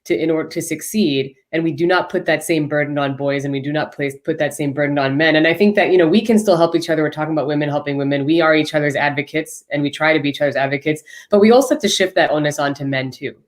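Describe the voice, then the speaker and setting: A woman's voice: deep voice, fast, hardly any pauses. Earnest woman making a long argument. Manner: earnest, articulate, speaks in long building arguments. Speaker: panel guest. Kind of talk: live panel discussion.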